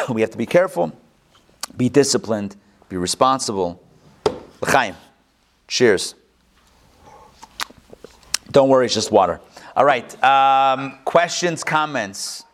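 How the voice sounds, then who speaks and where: A rabbi giving a live Torah class, animated, with joking asides and quick self-corrections. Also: male voice, mid-range voice, slight background noise.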